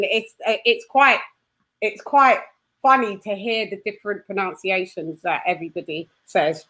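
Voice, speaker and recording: A woman's voice: medium pitch, sharp tone. A woman from the United Kingdom hosting a live stream, bubbly and chatty, laughing often. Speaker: host. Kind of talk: casual live-stream chat.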